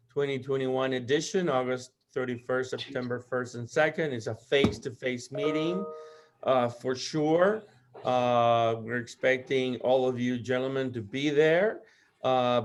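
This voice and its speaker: Halting male roundtable host. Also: mid-range voice. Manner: halting, many fillers. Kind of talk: roundtable discussion.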